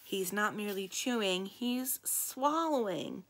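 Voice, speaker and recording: A woman librarian reading a children's novel aloud in a lively, expressive storytelling voice. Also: unhurried, vocal fry. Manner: lively, expressive storytelling with big swings in pitch and loudness.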